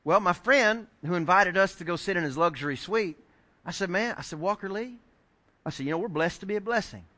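A middle-aged man preaching a sermon, telling a story with lively acted-out quotes and building to shouted points. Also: high voice, brisk. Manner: animated storyteller acting out quoted voices, rising to shouts. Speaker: pastor.

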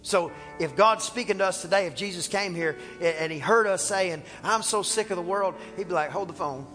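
A male pastor preaching a sermon in a church, animated and playful, acting out little dialogues as he talks. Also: high-pitched, brisk, long reverb tail, soft background music. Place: church sanctuary.

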